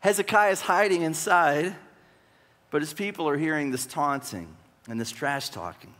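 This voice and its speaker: A man's voice: fairly high pitch, animated, moderate pace, fairly bright tone, long reverb tail. A male pastor preaching a sermon, retelling scripture conversationally with rhetorical questions and bursts of drama.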